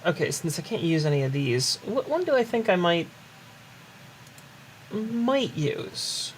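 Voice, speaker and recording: A woman talks casually while she plays a game, her pitch rising and falling in lively swings. She chats and giggles easily, with a faint hiss behind her voice. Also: a little slow. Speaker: game streamer. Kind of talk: casual gameplay chat.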